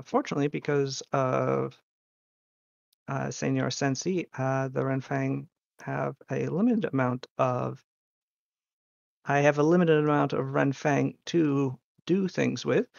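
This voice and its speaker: Slow, gravelly tabletop game master. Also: medium pitch, no echo, highs cut off. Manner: earnest, deliberate scene narration.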